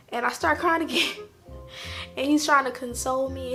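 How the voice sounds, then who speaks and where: A woman telling a personal story in a casual, animated way, repeating lines for emphasis. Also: high voice, normal speed, gravelly, music in the background. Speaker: vlogger.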